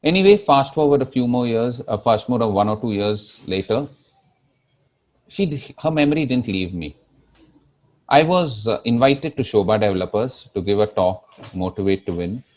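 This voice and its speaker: A man's voice: on the low side, lively intonation, moderate pace, a little mellow, poor audio. A middle-aged man with an Indian English accent, giving a keynote speech as an earnest, emotional story. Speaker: keynote speaker.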